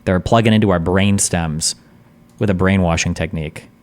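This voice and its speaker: A man's voice: sits low, steady tone, normal speed. A man streaming casual commentary as he reacts to a debate, blunt, profane and sarcastic.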